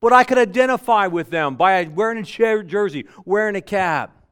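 A man delivering a sermon in a folksy way, with homespun illustrations, swinging from loud emphatic bursts to quiet low asides. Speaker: preacher.

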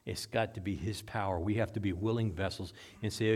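A male pastor preaching a sermon in a conversational way, repeating and restarting phrases, rising to loud emphatic bursts and dropping to quiet low asides. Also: steady tone, brisk, hardly any pauses.

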